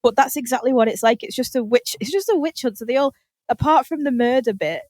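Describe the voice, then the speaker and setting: A British woman hosting a podcast, telling animated stories in casual chat, laughing often and swearing casually. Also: fairly high pitch, fast, no room sound. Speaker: podcast host.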